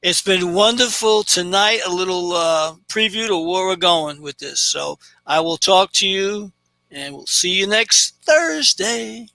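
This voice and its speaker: A man's voice: high-pitched, animated, unhurried, gravelly, sharp tone. A man hosting a casual web show, chatting upbeat and wrapping up the episode. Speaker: host.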